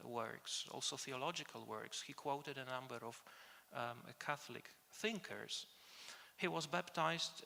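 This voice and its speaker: A Polish-born man gives an academic conference lecture in a gravelly, bright-edged voice of medium pitch. He speaks hesitantly, filling pauses and restarting phrases, and the long reverb of a conference hall rings around him.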